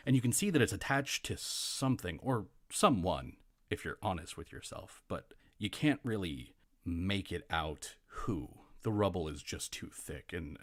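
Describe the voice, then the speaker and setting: Deep-voiced man narrating as game master. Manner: vivid, second-person descriptive narration with restarts.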